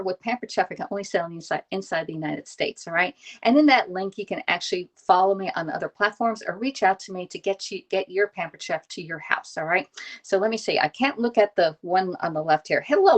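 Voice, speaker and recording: A woman, hosting a casual live-stream cooking demo from her home kitchen into a phone camera, greeting viewers by name and checking in with "okay?" as she goes. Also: fairly low pitch. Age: 50s. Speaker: live-stream host demonstrating recipes. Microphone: phone camera on a stand.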